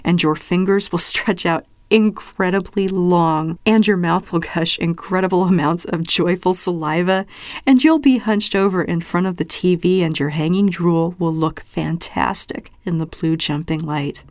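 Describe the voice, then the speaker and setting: A woman's voice: lowish voice, normal speed, dry recording, clean studio sound. A woman reading literary fiction aloud with intense, vivid delivery. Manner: intense, drops to a hushed whisper at moments. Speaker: reader.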